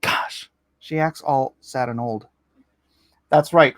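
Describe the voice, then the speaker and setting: A man hosting his own livestream, talking in an excitable, rapid-fire, rambling way and often correcting himself mid-sentence. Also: mid-range voice, no room sound. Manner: rambling with frequent self-corrections. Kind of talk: casual livestream sales pitch.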